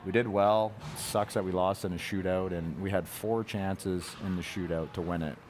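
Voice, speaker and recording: A man's voice: deep voice, fairly even intonation, moderate pace, a little mellow, a little hiss or hum. A man in his thirties from Canada, a hockey player guest on a TV sports interview, candid and joking as he brushes off praise. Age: 30s. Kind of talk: TV sports talk-show interview. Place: arena broadcast set.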